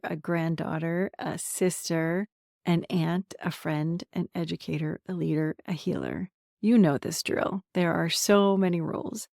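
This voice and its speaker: Speaking straight to camera, a central Pennsylvania woman in her forties, a podcast host and coach, delivers a candid monologue full of self-deprecating humor, warmth and chatty lists. Her voice is fairly low. The sound is clean studio audio with no echo.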